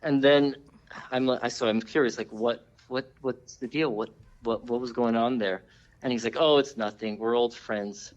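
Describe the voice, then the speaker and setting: A man's voice: mid-range voice, fairly even intonation, moderate pace, dull audio. A man calling in as a guest, telling a story casually and repeating words as he goes. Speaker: phone-in guest.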